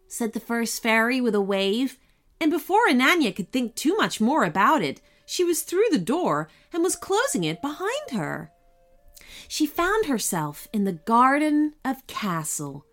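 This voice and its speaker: A woman hosting a children's story podcast, reading shout-outs and narrating a bedtime story in an expressive, soothing way. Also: a little high, a little slow.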